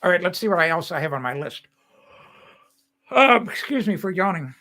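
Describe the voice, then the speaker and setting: An older man with a high, bright voice hosts a casual live stream. He talks in a chatty, rambling way, full of opinions and restarts. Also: sing-song, moderate pace. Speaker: host.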